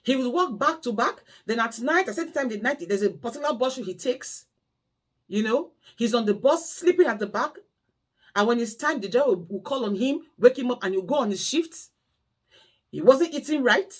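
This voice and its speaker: A woman's voice: on the high side, lively intonation, fairly quick. A woman carer vlogger telling cautionary stories and pleading emphatically with her audience. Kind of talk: impassioned storytelling monologue.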